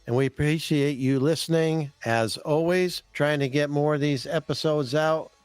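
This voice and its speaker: A man's voice: fairly high pitch, fairly even intonation, moderate pace, clear, resonant tone, no room sound, soft background music. A man hosting a fishing podcast, talking in a folksy, enthusiastic way and often repeating his words. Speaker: podcast host, fishing guide. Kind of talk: casual podcast chat.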